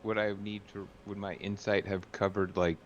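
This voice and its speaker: A man playing a tabletop game, asking halting questions in casual chat. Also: on the low side, level tone. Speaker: player. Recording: dull lo-fi mic with faint noise.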